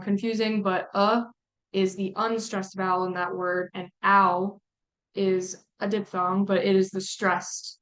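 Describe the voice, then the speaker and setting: A woman lecturing on vowel sounds in a relaxed, explanatory way, often pausing with "um". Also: medium pitch. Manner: relaxed explaining with frequent ums. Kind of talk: phonetics lecture.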